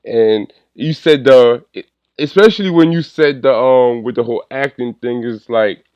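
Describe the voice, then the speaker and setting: A man hosting a podcast in a casual chat, relaxed and quick to laugh. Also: mid-range voice, smooth, no room sound, muffled recording. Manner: laid-back, laughs often, drawn-out phrases. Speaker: podcast host.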